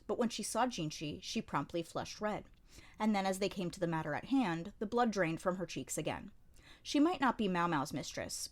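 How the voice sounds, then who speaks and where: A woman narrating a light novel as an amateur audiobook reader, in a dry, wry storytelling manner. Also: on the low side. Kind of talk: scripted narration.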